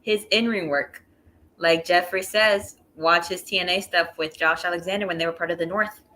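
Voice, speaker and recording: A woman's voice: fairly low pitch, fairly even intonation, moderate pace, bright, forceful tone. A woman co-hosting a casual wrestling review stream, adding dry, wry asides and wordplay. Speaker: wrestling review show co-host. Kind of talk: casual live-stream chat.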